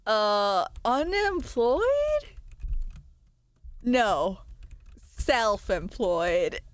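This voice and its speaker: A woman's voice: mid-range voice, clean tone, no echo. A young adult woman streamer in casual live-stream chat, bantering with viewers, reading their messages aloud, laughing often and swearing freely.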